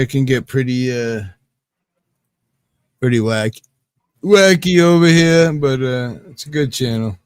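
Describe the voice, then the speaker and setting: A relaxed man hosts a rambling late-night livestream from his home. His voice sits at an everyday pitch and is recorded close and dry. He talks easily and unhurriedly with friends who have called in. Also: no room sound. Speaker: channel host.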